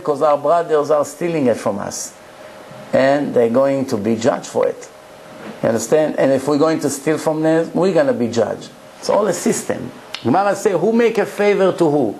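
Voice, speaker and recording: A man's voice: a little high, darkish tone, a little hiss or hum, low-quality recording. A man, a rabbi, giving a Torah lecture to a live audience, preaching emphatically and telling stories with rhetorical questions.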